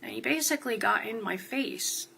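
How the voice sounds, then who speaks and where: Woman from New Jersey, courtroom witness, raspy and bright-toned, faint hum behind her. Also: a little high, expressive, moderate pace, poor audio. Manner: short answers, then rambling storytelling. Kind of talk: courtroom testimony.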